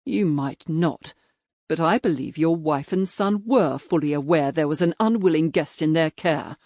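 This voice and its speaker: A woman voicing a stern male major and magistrate who talks in clipped, threatening, quietly forceful lines. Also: deep voice, moderate pace, dry recording, studio quality.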